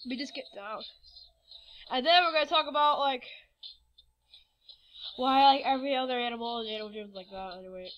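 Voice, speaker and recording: A woman's voice: high-pitched, a little fast, pauses often, lo-fi sound. A teenage girl chatting casually over a game recording, rambling with lots of fillers. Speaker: game vlogger. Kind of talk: casual chat with screen recording.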